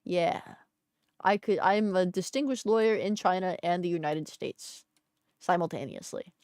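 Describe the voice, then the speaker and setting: A woman's voice: fairly low pitch, moderate pace, a little mellow, no echo, clean studio sound. Playful woman streamer reading game lines. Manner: playful, jokey, reads game characters aloud. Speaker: VTuber streamer. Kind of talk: game stream with voiced dialogue.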